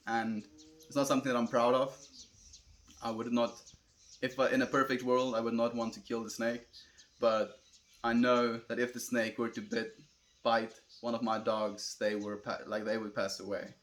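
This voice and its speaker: A young man with a South African accent, livestreaming and reading chat aloud in a calm, laid-back way, often calling viewers friend. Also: medium pitch.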